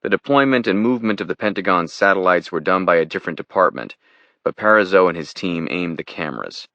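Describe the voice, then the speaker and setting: A man narrating a thriller audiobook in a steady, measured reading. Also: sits low, no room sound, dull audio.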